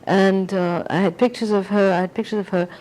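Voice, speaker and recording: A woman's voice: medium pitch, steady tone, fairly quick, a little mellow, low-quality recording. An older woman being interviewed, reminiscing in a rambling way and slipping into French phrases. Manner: rambling, anecdotal, slips into French.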